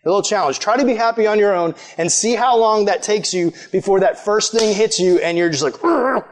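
A man preaching a sermon in a casual, animated way, acting out the people he quotes. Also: sits high, a little fast, a little hiss or hum.

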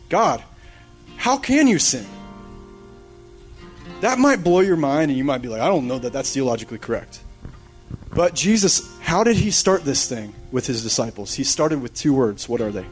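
A man with a fairly high voice preaches in a loose, conversational way, drifting off on tangents before pulling back to his point. He gets animated and urgent as he presses his listeners. Soft guitar strumming plays faintly behind him. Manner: casual, rambling, animated. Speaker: pastor. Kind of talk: sermon.

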